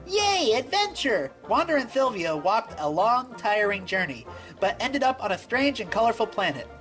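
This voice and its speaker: A woman reading a fan-written story aloud in a steady storybook narration. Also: mid-range voice, normal speed, faint music behind, poor audio. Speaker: fanfiction reader.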